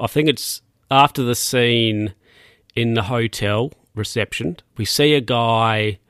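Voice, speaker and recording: Rambling low-voiced man recapping a film. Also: a bit bright, no room sound, studio quality. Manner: rambling, with fillers and self-corrections.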